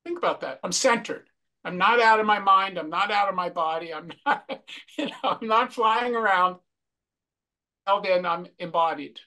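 A man leads a mindfulness workshop, walking through his slides at a slow, reflective pace. His voice is bright and clear, and he comes back to key phrases again and again. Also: sits high. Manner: slow, repetitive, reflective delivery. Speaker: wellness workshop presenter.

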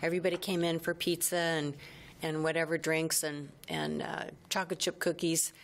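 A woman with a low, gravelly voice co-hosts a podcast. She speaks in a flat, even tone, adding details and backing up the story. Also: moderate pace, a little hiss or hum. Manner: supportive, affirming her husband's story. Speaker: podcast co-host. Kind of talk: casual conversation.

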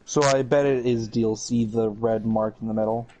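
Offhand young man, mellow voice. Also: on the low side, fairly even intonation, moderate pace, rough recording. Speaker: gamer playing co-op online. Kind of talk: casual gaming chat.

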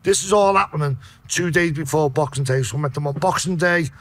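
A man's voice: a little high, a little fast, a bit bright, no echo. Blunt swearing Liverpool man. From Liverpool, England. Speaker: podcast guest, debt collector. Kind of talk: storytelling on a podcast.

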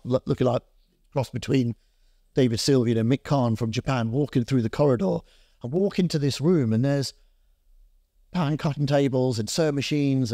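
A Scottish man in his fifties, a fashion founder, tells a long, rambling story as an interview guest, lively and packed with fillers and restarts. His mid-range voice is captured dry and clean in a studio.

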